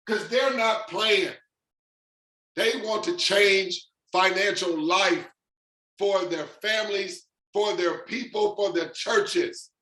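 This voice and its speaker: Man, high-pitched, excited emphatic pitch, echoey room. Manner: fired-up, emphatic, drawn-out stresses. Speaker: presenter of an online income demonstration.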